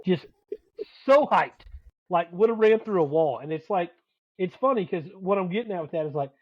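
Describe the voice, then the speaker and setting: A man with a slightly raised voice swaps profane, animated stories in casual sports banter. His audio sounds dull and lo-fi. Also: sits high, a little fast, no room sound. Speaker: podcast co-host; youth sports dad and coach.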